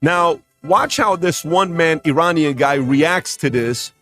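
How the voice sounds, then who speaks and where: A man's voice: fairly high pitch, slow, fairly bright tone, soft background music. Man reading captions on a podcast. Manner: directs the producer, reads captions aloud. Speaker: podcast host. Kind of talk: podcast discussion.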